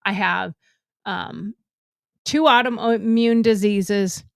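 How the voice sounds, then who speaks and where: A woman's voice: medium pitch, extremely slow, creaky, smooth, dry recording, studio quality. A middle-aged woman co-hosting a podcast, chatting casually and laughing often while she tells stories. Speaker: podcast co-host. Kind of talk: casual chat.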